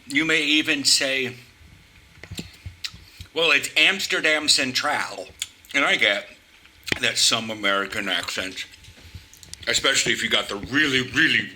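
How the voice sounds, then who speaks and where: A man from the US Pacific Northwest giving opinionated vlog commentary, halting and restarting his sentences, with wry asides. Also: mid-range voice, animated, sharp tone, slight background noise, rough recording. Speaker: vlogger.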